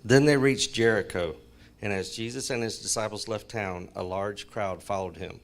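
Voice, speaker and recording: A man in a church Bible class reading a scripture passage aloud, clear and expressive. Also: on the low side, normal speed.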